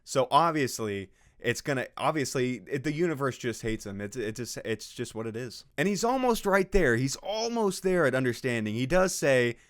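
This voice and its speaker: A man's voice: medium pitch, sing-song, normal speed, hardly any pauses. A man giving casual, sarcastic commentary on a post he is reading, swearing freely and laughing at his own jokes. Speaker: video host reacting to a social media post.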